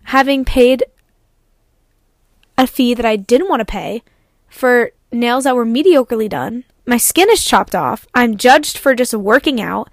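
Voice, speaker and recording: A young woman with a somewhat high voice tells a story in a dry, close sound. She vents with animated exasperation as a podcast host and acts out her own replies. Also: a little slow, no room sound. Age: young adult. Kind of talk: casual storytelling monologue.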